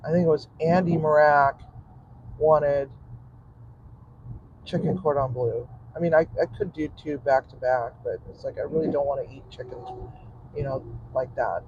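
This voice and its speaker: A man's voice: a little high, moderate pace, pauses often, a little mellow, highs cut off. A man, a cook and vlogger, rambling casually to his audience from his car in traffic, laughing often and muttering asides. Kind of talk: casual rambling monologue while driving.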